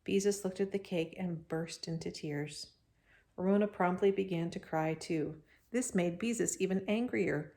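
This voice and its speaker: A woman reading a chapter book aloud to children, expressive and breaking off for chatty asides to them. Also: lowish voice, moderate pace, gravelly.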